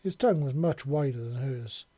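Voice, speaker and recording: A man narrating a romance story as an audiobook, steady, with small self-corrections. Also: medium pitch, normal speed, slightly rough, dry recording.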